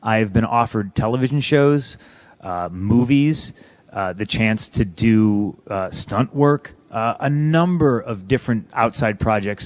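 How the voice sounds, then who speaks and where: A man's voice: medium pitch, dry recording. A man in his thirties from the United States, a professional wrestler telling an interviewer his story in blunt, profane, griping casual talk. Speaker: interview guest, pro wrestler.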